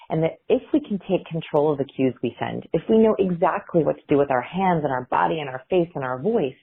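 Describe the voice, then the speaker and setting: A woman's voice: sits low, breathy edge. A woman guest researcher explaining communication cues in an interview, demonstrating intonation as she talks. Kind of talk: interview clips. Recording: phone-like line.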